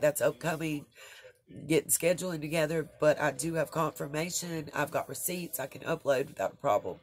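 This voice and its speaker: A woman vlogger talking straight to her viewers in an earnest, rambling way, with many fillers and restarts. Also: low voice. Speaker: true crime vlogger. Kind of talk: casual commentary to viewers.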